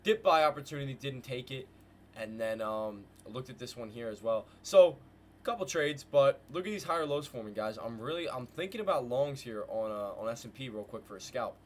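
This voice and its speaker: Man, trading stream host, hyped slangy commentary, repeats himself in bursts, average pitch, faint background noise. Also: animated, brisk. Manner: hyped, slangy, talks to chat with "guys" and "bro". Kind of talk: live market commentary. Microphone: desk mic with headphones.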